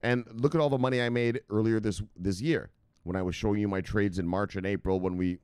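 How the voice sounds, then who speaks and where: A man hosting a casual livestream. He swears a lot, jumps into loud bursts and keeps repeating the same catchphrases. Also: on the low side, fairly quick, clean tone, dry recording, studio quality. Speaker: livestream host.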